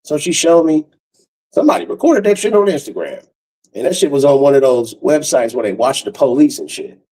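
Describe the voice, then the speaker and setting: A man telling a profane, animated story and acting out the other people's voices. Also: mid-range voice, a little fast, poor audio. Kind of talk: casual storytelling monologue.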